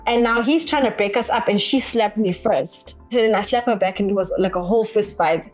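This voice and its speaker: Animated woman telling a story. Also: mid-range voice, fairly quick, faint music behind. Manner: animated, acting out the other people's lines as she tells it. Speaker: interview guest. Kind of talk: personal storytelling.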